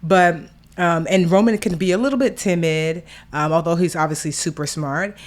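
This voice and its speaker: Animated storytelling woman co-host. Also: fairly low pitch, normal speed. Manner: animated storyteller, acts out family members' voices. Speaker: podcast co-host. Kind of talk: casual chat. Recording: studio podcast mic.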